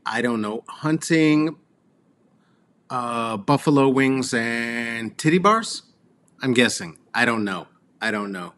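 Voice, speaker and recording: Speaking at medium pitch with a sharp tone, a middle-aged Colorado comedy show host runs a rambling solo monologue. Expect crude sarcasm, heavy fillers and asides that trail off.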